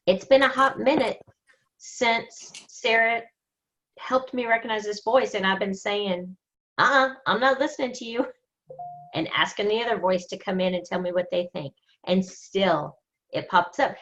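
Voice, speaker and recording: A woman leading a group coaching session, talking in an emphatic, energetic, motivational way. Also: medium pitch, dull audio. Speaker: book study group leader.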